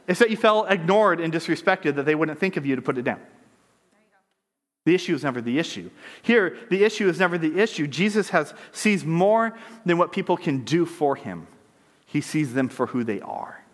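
A man with a high voice delivers a sermon, moving between scripture reading and chatty, question-filled commentary. His voice rings out with a long reverb tail from a big hall. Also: animated, normal speed. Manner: conversational preaching with rhetorical questions; reads scripture aloud then riffs on it. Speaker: pastor.

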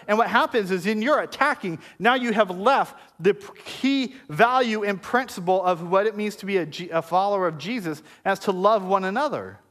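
A man's voice: high-pitched, animated, normal speed, hardly any pauses, a bit bright. A man preaching a sermon to his congregation in a conversational, joking style with playful asides. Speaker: pastor. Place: church service before a congregation.

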